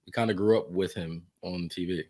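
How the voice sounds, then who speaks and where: Low-voiced male co-host, quick remarks. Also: fairly even intonation, darkish tone. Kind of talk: casual recap chat.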